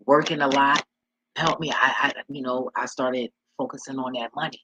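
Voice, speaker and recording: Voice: mid-range voice, flat delivery, normal speed, noisy background. A vlogger giving life advice in a casual monologue, blunt and profane, with a preachy street-talk manner.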